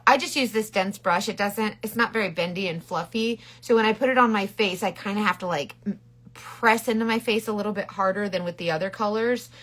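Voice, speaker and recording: A woman's voice: medium pitch, brisk, a bit bright. A middle-aged woman chatting bubbly and rambling on a casual makeup live stream, greeting viewers by name. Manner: rambling with frequent restarts.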